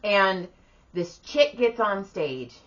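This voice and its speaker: Bright-voiced woman telling a wild story. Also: mid-range voice, slow, highs cut off. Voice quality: bright voice, animated storytelling with acted-out quotes. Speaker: podcast co-host. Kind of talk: casual storytelling chat.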